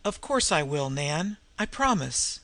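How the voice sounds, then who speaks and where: Man doing a gentle, soothing young heroine. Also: fairly high pitch, very animated, unhurried, no echo, heavily acted.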